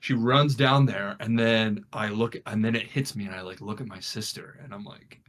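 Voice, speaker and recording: A man's voice: lowish voice, normal speed. A young man co-hosting a podcast, telling a story casually among friends and acting out what people said. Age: young adult. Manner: animated, acts out what people said. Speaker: podcast co-host.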